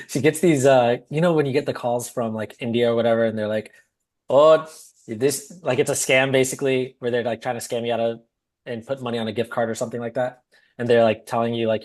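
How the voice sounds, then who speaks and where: A man co-hosts a casual podcast in a loose, rambling way. He swears freely and leans on fillers as he talks. His pitch sits at a medium level. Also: a little mellow. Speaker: podcast co-host.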